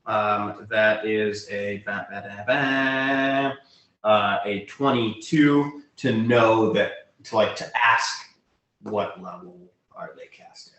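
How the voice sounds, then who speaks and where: Man, tabletop player, relaxed, chatty, echoey room. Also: lowish voice, slow pace. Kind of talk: casual tabletop game play.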